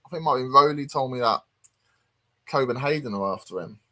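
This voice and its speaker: A man hosts a relaxed livestream chat, pausing often with ums as he reads comments aloud. His voice sits at an ordinary middle pitch. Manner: reads viewer comments aloud, chatty and hesitant. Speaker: host.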